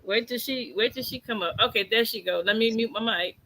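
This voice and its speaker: A woman with a Southern US accent chats casually on a call and gets bashful when her accent comes up. Her tone is bright and a little tense. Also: on the high side, fairly quick, rough recording. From American South. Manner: bashful, laughing. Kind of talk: casual group chat.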